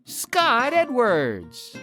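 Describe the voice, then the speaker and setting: A woman announcing the show in a sing-song, drawn-out intro. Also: a little high, wildly swooping pitch, fairly bright tone. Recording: intro over guitar music.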